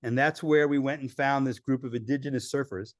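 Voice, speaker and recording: A man telling lively travel stories as a podcast guest, acting out the people he quotes. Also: medium pitch, fairly quick, dry recording, clean studio sound. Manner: animated storyteller acting out quoted voices. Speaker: filmmaker guest. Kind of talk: storytelling in a podcast interview.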